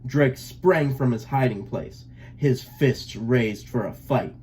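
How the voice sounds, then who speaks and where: A man reading a children's picture book aloud in an unhurried, expressive storytelling manner. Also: medium pitch, slight background noise, poor audio.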